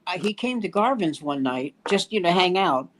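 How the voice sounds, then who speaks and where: Older man, high-pitched voice, casual comedian chat, storyteller acting out quotes. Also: animated, moderate pace, a bit bright. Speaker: host.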